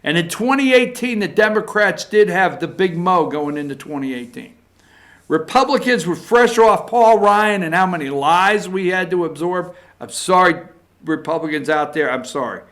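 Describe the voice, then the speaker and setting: A man's voice: sits high, animated, normal speed, a bit bright. A man giving a political opinion monologue as a show regular, emphatic and repetitive, tagging his points with "okay?". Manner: emphatic, repeats points, tags lines with "okay?". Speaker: political commentator.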